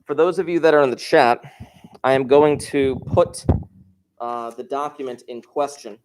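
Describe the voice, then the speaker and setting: A man's voice: medium pitch, steady tone, normal speed, a little mellow, a little hiss or hum. A male teacher talks casually to his class, wandering off into stories and asking the students questions. He moves around the classroom as he talks, so his voice sometimes drifts away from the microphone. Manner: chatty, digressive, asks the class questions. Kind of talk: classroom lecture, storytelling.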